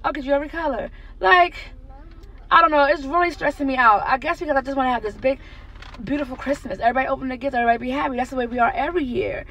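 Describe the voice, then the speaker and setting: A high-pitched American woman in her thirties talks into a phone camera from her car, venting about her kids. She is blunt and exasperated and curses freely, as in a candid car chat. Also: steady tone, very fast, fairly bright tone. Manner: blunt, exasperated, frank with cursing. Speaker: mother vlogger. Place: parked car, then driving home.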